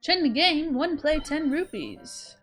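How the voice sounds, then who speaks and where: A woman voicing a brash male crane-game shopkeeper with booming, salesy patter. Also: sing-song, takes it slowly, a bit bright, faint music behind, exaggerated voice.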